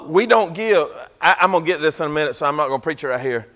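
Pastor, man, drawl, high voice, preaches folksy and teasing, loud bursts then quiet asides; reverberant church hall. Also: lively intonation, very fast. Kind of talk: sermon.

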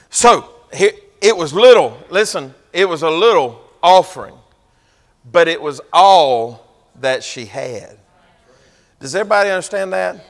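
A man preaching a folksy sermon, swinging from loud to hushed. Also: high voice, vocal fry, in a large hall. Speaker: pastor.

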